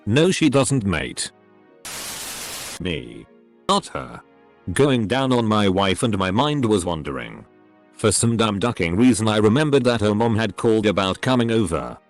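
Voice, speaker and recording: A man's voice: on the low side, sing-song, a little slow, soft background music. A man narrating online posts in scripted style, spelling out censored words as he reads. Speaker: story narrator.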